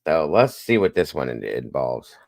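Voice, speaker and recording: Man, morning stream host, rambling casual chat, very low voice, dry sound. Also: big pitch swings, normal speed, vocal fry, no echo. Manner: rambling, lots of fillers.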